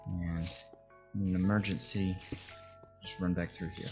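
A man narrating his own gameplay as a let's play, excitable and quick to yelp and groan when things go wrong. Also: low-pitched, music in the background, poor audio. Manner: excitable, yelps and groans at in-game threats. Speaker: gameplay commentator.

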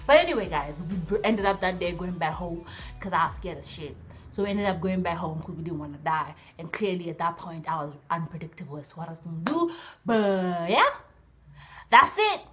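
Animated young woman telling a storytime. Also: lowish voice, a little fast, faint music behind. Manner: animated, acts out dialogue in voices. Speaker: vlogger. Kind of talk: storytime vlog.

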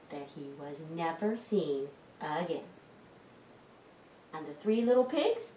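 A woman librarian reading a story to children in a lively sing-song way. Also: medium pitch, moderate pace, slight background noise. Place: library room. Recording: echoey room, mic at a distance.

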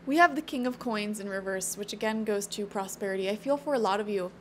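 A woman's voice: mid-range voice, fast, slight background noise. Chatty woman giving a tarot reading. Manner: chatty, encouraging, thinks aloud with fillers. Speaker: tarot reader. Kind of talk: casual spoken tarot reading.

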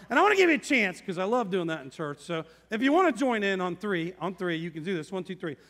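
Middle-aged male pastor, high voice, animated sermon delivery, long church reverb. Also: quick pace, few pauses. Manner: animated, acts out quoted voices. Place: church sanctuary.

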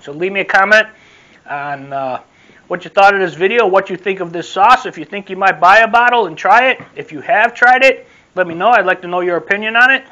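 A man's voice: high-pitched, a little fast, sharp tone, muffled recording. A man casually reviewing a sauce on his vlog, repeating himself in a loose, rambling way. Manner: repetitive, rambling, friendly sign-off. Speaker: food vlogger. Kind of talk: casual taste-test review.

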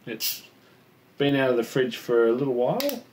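A man's voice: medium pitch, very animated, moderate pace, a little mellow, a little hiss or hum. A young man casually chatting and rambling as he tastes and reviews a home-brewed beer. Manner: chatty, rambling, self-deprecating. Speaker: homebrew reviewer. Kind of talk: casual beer tasting vlog.

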